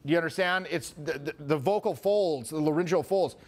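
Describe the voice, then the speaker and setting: A man's voice: fairly high pitch, brisk. A man coaching a live seminar audience, talking casually and animatedly and swearing often. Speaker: social skills coach.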